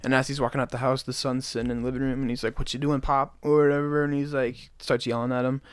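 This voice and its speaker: Young male co-host, rambling retelling, mid pitch, close dry sound. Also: flat delivery, fast, clean tone, dry recording. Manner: rambling retelling, heavy use of "like". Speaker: podcast co-host. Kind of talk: casual podcast chat.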